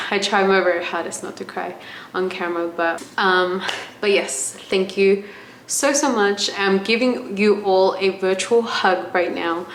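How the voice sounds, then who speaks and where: An Australian woman in her twenties talks to camera in a casual vlog, gushing and emotional with many fillers and restarts. Her medium-pitched voice is steady and unhurried, in a roomy space with faint ambience and slight background noise.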